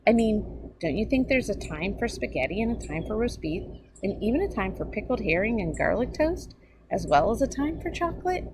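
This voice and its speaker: A woman reading as an earnest storybook father who patiently reasons with his son and keeps pressing his point. His voice swings widely in pitch. Noise hums in the background. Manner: earnest, persistent.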